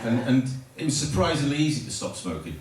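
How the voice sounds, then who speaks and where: A man's voice: mid-range voice, very animated, fast talker, far from the mic. A man from North Lincolnshire doing a hesitant, self-deprecating open-mic stand-up set. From North Lincolnshire, England. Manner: rambling, self-deprecating, hesitant with many fillers. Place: small comedy night in a hotel bar. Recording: roomy hall recorded from afar with loud noise. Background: audience laughter.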